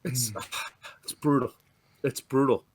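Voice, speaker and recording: Over a noisy crowd, a Canadian man who is a dejected football fan swears and rants on a fan show, stumbling and restarting as he goes. His medium-pitched voice holds a steady tone at a slow pace in the heated chat.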